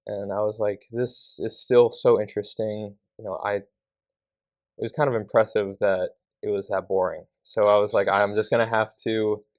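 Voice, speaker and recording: Young male guest, low-ish voice, dry close sound, earnest and casual. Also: flat delivery, moderate pace, darkish tone, no room sound. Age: young adult. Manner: earnest, with lots of "like" fillers. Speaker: podcast guest. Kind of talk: casual interview answers.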